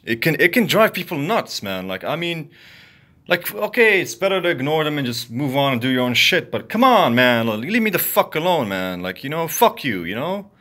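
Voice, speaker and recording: A man's voice: a little high, very animated, normal speed, pushed and bright. A young man ranting angrily to camera in a heated, profane, repetitive way. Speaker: vlogger. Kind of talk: angry rant to camera.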